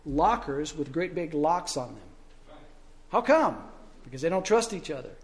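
A male pastor preaching a sermon, telling stories and asking rhetorical questions, swinging between loud and soft. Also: fairly high pitch, sing-song, a little slow.

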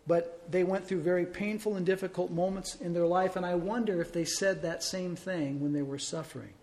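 A man's voice: sits high, fairly even intonation, normal speed, few pauses. Man preaching with rising, falling emphasis. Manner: conversational preaching with rhetorical questions, swinging loud and soft. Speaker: pastor. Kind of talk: sermon.

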